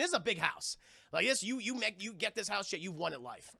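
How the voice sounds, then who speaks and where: Animated, gravelly man ranting about a film. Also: high voice, a little fast, dry recording, studio quality. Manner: profane, animated, lots of restarts. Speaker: film reviewer and streamer. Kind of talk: casual live-stream spoiler review.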